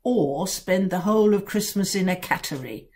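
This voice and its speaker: A woman reading a storybook, voicing a furious, grumpy father who snarls his words slowly. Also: medium pitch, animated, darkish tone, lightly acted. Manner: snarling, slow and heavy.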